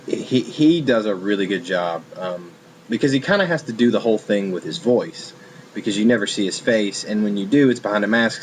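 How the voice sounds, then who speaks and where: Deep-voiced male reviewer, casual and rambling, light air-conditioner hum in the background. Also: poor audio. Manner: rambling, many ums and restarts. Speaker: film reviewer. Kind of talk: casual spoken film review.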